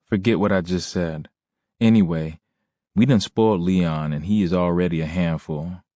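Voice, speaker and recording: A man's voice: sits low, fairly even intonation, moderate pace, dark tone, no echo, studio quality, close to an everyday voice. A man voicing a sweet, eager young mother. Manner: sweet, pleading, familiar. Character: eager affectionate Southern woman, young mother. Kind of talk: audiobook character voice.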